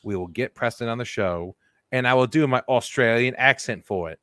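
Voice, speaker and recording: A man's voice: medium pitch, fairly bright tone, clean tone, dry recording, clean studio sound. A man co-hosting a comedy podcast, teasing his co-host and riffing on stories in casual chat. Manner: joking, teasing, fast riffing.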